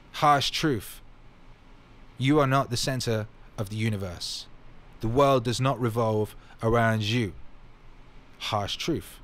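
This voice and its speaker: A man talking through a casual livestream Q&A, answering viewers' questions one by one. He is blunt and emphatic, swears freely, and keeps coming back to the same punchy catchphrases. His voice sits at an ordinary male pitch. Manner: repeats catchphrases.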